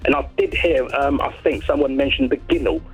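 A man from Brighton calling in to a radio show, chatting in a rambling way with many restarts. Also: medium pitch, fairly quick, vocal fry, music in the background. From Brighton, England. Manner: rambling, lots of restarts, lively. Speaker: caller. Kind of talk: casual phone-in chat. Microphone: telephone. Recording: muffled phone line.

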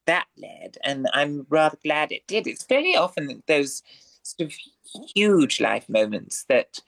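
A man's voice: on the high side, measured pace, gravelly. A man answering as a radio interview guest, speaking in a florid, theatrical way with rich wordplay. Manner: lively, expressive delivery.

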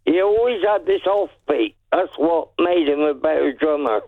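A man calling in to a radio show, eager and quick to argue his point. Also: fairly high pitch, lively intonation, no echo, narrow, tinny audio. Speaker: caller. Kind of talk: casual radio chat.

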